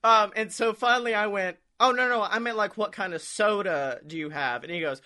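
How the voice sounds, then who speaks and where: A man with a high, bright, sharp voice tells a rambling story on a podcast. He swears freely, laughs a lot and acts out what people said to him. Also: brisk. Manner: rambling, profane, laughs often, acts out quotes. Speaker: podcast co-host. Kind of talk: casual storytelling chat.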